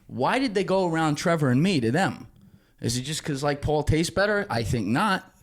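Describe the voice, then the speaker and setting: A young man, a podcast guest, telling a long story with lots of swearing and sudden shouted quotes, acting out the people in it. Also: on the high side, lively intonation, normal speed. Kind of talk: animated storytelling in casual conversation.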